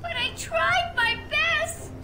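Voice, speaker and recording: A woman's voice: extremely high pitch, takes it slowly. An actress voicing a gleeful, taunting young female villain sidekick in a video game, with a singsong, mocking delivery. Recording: game audio under loud noise.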